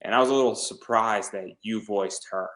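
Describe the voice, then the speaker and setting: Stammering male interview host, lowish voice. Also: normal speed, a bit bright. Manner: stammering repeats, run-on enthusiastic. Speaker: podcast host. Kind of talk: casual interview chat.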